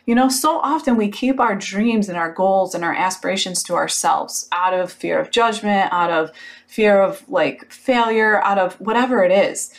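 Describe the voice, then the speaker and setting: A woman speaks to her audience in a casual motivational talk, telling the story with animated emphasis and filling it with "like." She is blunt and unfiltered and does not mind a curse word now and then. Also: medium pitch, moderate pace. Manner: blunt, occasional swearing.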